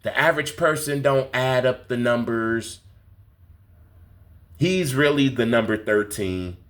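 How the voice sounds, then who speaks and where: A man delivering a spiritual conspiracy monologue, slow, emphatic and repetitive. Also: medium pitch, a bit bright. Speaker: conspiracy vlogger.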